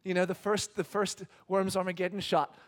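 A man's voice: sits high, moderate pace. A man in his thirties preaching a sermon, telling a personal story with humor and acting out the scenes. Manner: animated storyteller, acts out scenes, self-deprecating humor. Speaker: pastor. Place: church hall with congregation.

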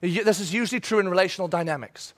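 A middle-aged man preaching a sermon, animated, swinging from soft asides to loud shouted quotes. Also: high voice, rapid-fire. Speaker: pastor.

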